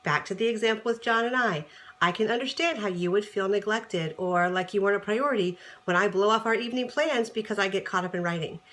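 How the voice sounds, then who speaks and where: A woman relationship coach speaks casually to the viewer at a middle pitch. She is chatty and animated and slips into acted-out snippets of conversation as she explains her tip. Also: a little fast. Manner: chatty and animated, acts out quoted dialogue. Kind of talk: casual advice talk to camera.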